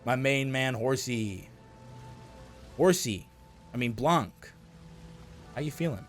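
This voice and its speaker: Male streamer, mid pitch, casual excitable commentary, faint music bed. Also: slow. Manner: excitable, swears, reads game text aloud.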